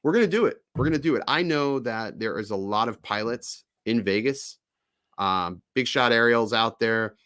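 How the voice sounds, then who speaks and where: Profane, animated male stream host. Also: medium pitch, normal speed, no echo, studio quality. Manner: loose, profane, animated storytelling. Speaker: podcast host. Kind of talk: casual live-stream chat.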